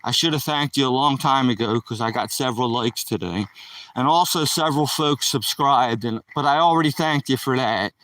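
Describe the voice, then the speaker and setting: A man's voice: mid-range voice, normal speed, fairly bright tone, no echo, far from the mic, rough recording. A man live streaming while he walks his dog on a rural dirt road, chatting loosely with the viewers in his chat.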